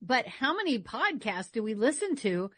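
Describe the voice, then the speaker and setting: A woman hosting a casual podcast chat, sharing radio stories and coaching tips in an animated way. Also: fairly high pitch, normal speed, slightly rough, dry recording.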